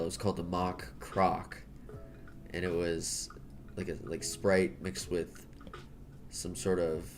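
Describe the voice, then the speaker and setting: A man's voice: sits low, a little hiss or hum. A man with an American accent chatting casually while he draws, rambling, jokey and correcting himself. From United States. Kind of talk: casual chat while drawing.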